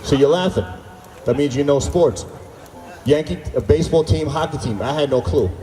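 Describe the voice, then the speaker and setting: A male stand-up comic with a higher voice performs on an outdoor stage at a summer concert, booming through a far-off, echoey PA. At a normal speed, he tells animated stories and acts out dialogue with the crowd.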